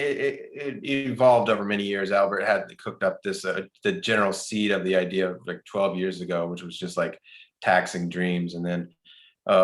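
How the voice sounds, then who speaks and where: A male film director answering questions at a post-screening talk, halting, with many restarts and fillers. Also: low-pitched, fairly bright tone.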